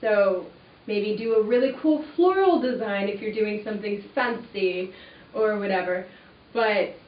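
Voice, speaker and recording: A young woman hosting a fabric webinar, chatting casually and enthusiastically with lots of "like" and "um". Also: mid-range voice. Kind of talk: casual product walkthrough. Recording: roomy, distant, slightly dull sound with faint ambience.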